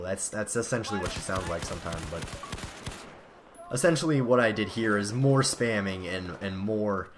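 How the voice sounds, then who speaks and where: A man's voice: fairly low pitch, lively intonation, normal speed, noisy background. A teenage boy giving casual, rambling, self-deprecating commentary over gameplay. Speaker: gaming commentator. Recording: game gunfire loud behind. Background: video game gunfire.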